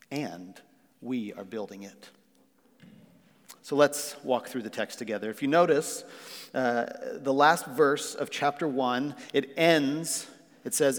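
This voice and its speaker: A man preaching an earnest sermon as pastor, using fillers and rising to emphatic questions. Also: mid-range voice. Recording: long reverb of a hall.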